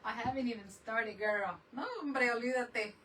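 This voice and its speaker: A woman's voice: a little high, a little slow, sharp tone, far from the mic, a little hiss or hum, poor audio. A woman chatting casually on a crafting livestream, laughing often and mixing Spanish words into her English.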